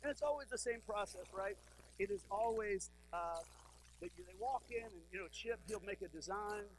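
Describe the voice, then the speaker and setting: A man's voice: sits high, moderate pace, a little hiss or hum, poor audio. A man, a pastor, preaching a sermon in a conversational, joking way and asking the congregation questions.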